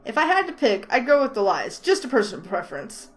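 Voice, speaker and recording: A woman voicing a grumpy, blunt young male store clerk with a Southern accent, flat and stubborn. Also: fairly high pitch, fast, low-quality recording. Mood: dry.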